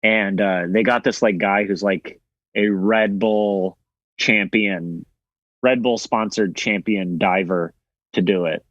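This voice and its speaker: A man from Tennessee with a Southern accent, a guest actor talking in a wry, self-deprecating way with drawn-out pauses. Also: on the low side, steady tone, fairly bright tone, dry recording, muffled recording. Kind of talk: casual video interview.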